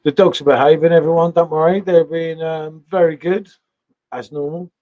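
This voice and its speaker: A man's voice: a little high, fairly even intonation, moderate pace, phone-quality sound. A man hosting a casual live stream from his home, chatty, and he keeps tagging questions onto what he says. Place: home sitting room.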